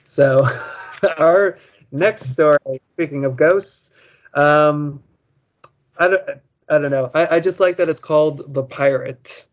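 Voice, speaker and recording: A man's voice: fairly high pitch, slow pace, long pauses, highs cut off. A man co-hosting a podcast, reading a children's ghost story aloud and rambling through wry, joking asides. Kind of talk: casual podcast chat, reading aloud and commenting.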